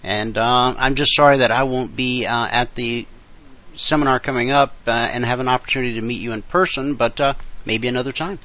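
Easygoing radio co-host dude, mid voice, kinda lo-fi. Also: male voice, medium pitch, sharp tone. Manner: friendly and easygoing, with many filler pauses. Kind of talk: casual radio chat.

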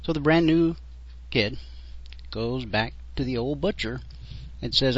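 A man hosting a radio talk show, telling a story in an animated way. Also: mid-range voice, a little slow. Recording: dull lo-fi radio sound.

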